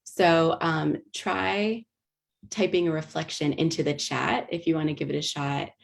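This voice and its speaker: A woman with a low voice and a gravelly edge leads an online teaching webinar through a video call mic. She explains step by step, with plenty of ums and restarted phrases. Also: fairly even intonation, measured pace. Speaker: workshop presenter.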